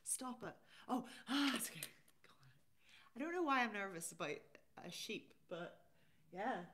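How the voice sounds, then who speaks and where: Woman doing a live stream, chatty, mid pitch. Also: animated, moderate pace, a bit bright, slight background noise. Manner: chatty, reads viewer comments aloud. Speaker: livestream host. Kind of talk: casual live stream chat.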